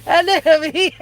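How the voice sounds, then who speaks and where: A woman's voice: extremely high pitch, slight background noise. A woman streamer giving casual reaction commentary in a profane, laughing, rambling rant.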